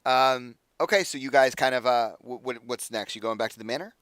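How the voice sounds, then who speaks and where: A man narrating as game master, relaxed and rambling with many fillers. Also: medium pitch, fairly quick, no echo.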